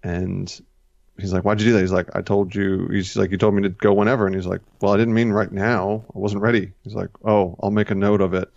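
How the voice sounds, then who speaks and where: A man's voice: on the low side, flat delivery, a little fast, creaky, darkish tone, no echo. A man co-hosting a casual chat, rambling and correcting himself as he retells scenes. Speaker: podcast co-host. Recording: dull, lo-fi dry recording.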